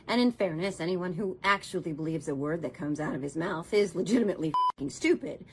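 A woman's voice: fairly low pitch, animated, brisk, hardly any pauses, breathy edge. A woman delivering a scripted commentary rant in a sarcastic, exasperated tone, swearing for emphasis.

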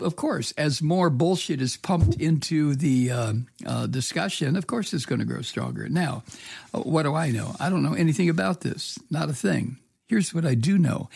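American man, gravelly husky voice, sarcastic profane news rant, dry sound. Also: medium pitch, dry recording. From United States. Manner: angry, sarcastic, profane ranting with many fillers. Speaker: political commentator. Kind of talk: casual news commentary.

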